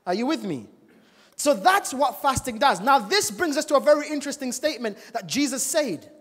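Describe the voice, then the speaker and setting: A male preacher giving a church sermon, animated and full of rhetorical questions to the congregation. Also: very high voice, a little fast, slightly rough. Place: church service. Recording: long reverb of a large church hall.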